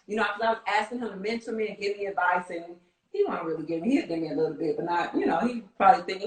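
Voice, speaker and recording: A woman from Kansas City with a Midwestern accent, a casting director telling animated stories in an interview and laughing often. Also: medium pitch, fairly quick, echoey room, low-quality recording. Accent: Midwestern American. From Kansas City, United States. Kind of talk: storytelling interview.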